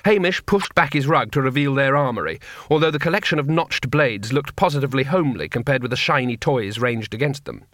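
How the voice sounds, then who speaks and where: A man narrating an audiobook in a dry, lively storytelling manner. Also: mid-range voice, brisk, no echo.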